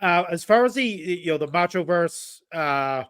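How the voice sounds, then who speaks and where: A man's voice: a little high, animated, moderate pace, a bit bright, smooth. A man hosting a casual chat, easygoing and supportive, with hesitant phrasing. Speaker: host.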